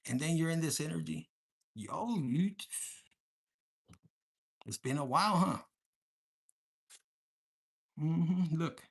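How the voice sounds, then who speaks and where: A man's voice: fairly high pitch, animated, measured pace, creaky, long pauses. Man, tarot reader, vlog, raunchy, foul-mouthed, playful, Spanish slang thrown in. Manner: crude, profane and joking, mixing in Spanish slang. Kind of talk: casual tarot reading vlog.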